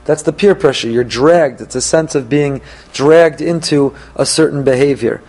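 A man teaching a Torah class, reading verses and translating them phrase by phrase, with frequent pauses and restarts as he thinks aloud. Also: a little high, a little mellow.

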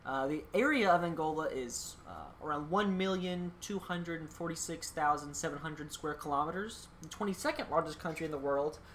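A woman's voice: low voice, moderate pace, hardly any pauses, a bit bright, slight background noise. A woman co-hosting a casual podcast, reading out facts with dry jokes and frequent ums. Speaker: podcast co-host presenting country facts.

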